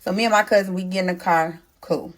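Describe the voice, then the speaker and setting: A young pregnant woman hosting a casual storytime, telling her story in an animated, blunt way, swearing freely and talking straight to her viewers. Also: on the low side, fast talker. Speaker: storytime host.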